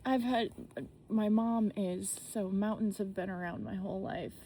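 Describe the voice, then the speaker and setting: A woman speaking outdoors in a slow, halting, emotional personal reflection, with restarts and whispered asides. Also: medium pitch, steady tone, warm tone, a little hiss or hum. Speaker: spiritual vlogger.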